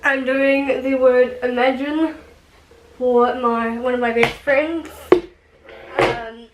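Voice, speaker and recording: A young woman in casual vlog chat, easygoing and rambling, with plenty of fillers and small laughs. Her voice sits a touch higher than most women's. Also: fairly even intonation, slow, background noise. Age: young adult. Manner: chatty, rambling, with frequent ums and laughs. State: out of breath. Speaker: vlogger.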